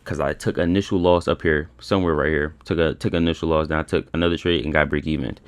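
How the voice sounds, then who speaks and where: A man's voice: very deep voice, fairly even intonation, fast talker, no echo. A young man recapping his trading day in a frustrated rant, swearing often and repeating himself. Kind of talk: frustrated screen-share rant.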